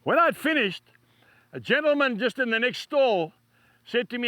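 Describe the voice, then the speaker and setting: A male TV preacher delivers an emphatic, repetitive devotional sermon outdoors beside cattle stalls. His voice sits high and bright and swings widely in pitch. The sound is close and dry. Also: big pitch swings, moderate pace, dry recording.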